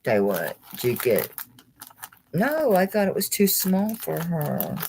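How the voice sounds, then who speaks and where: A woman's voice: on the low side, huge pitch swings, unhurried, a little mellow, a little hiss or hum, rough recording. A woman hosting a live jewelry sale stream, rambling chattily, thinking aloud, laughing often and talking to viewers by name. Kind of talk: casual live-stream selling chat.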